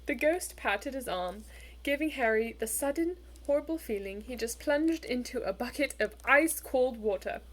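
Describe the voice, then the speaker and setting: A woman's voice: sits high, expressive, normal speed. Woman reading a storybook aloud. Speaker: audiobook reader. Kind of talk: storybook narration.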